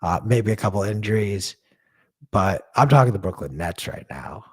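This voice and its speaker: A man's voice: on the low side, expressive, normal speed, darkish tone, slightly rough. A man co-hosting a casual sports podcast, blunt and profane, ranting and laughing at his own jokes. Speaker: podcast co-host.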